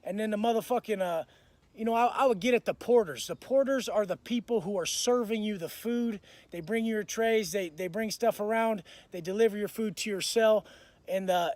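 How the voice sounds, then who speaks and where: Man with a high voice, dry close sound, blunt swaggering storyteller who curses constantly. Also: a little mellow, no room sound. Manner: blunt, profane, swaggering street talk; restarts and repeats words when heated. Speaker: vlogger recounting prison life. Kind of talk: casual storytelling monologue.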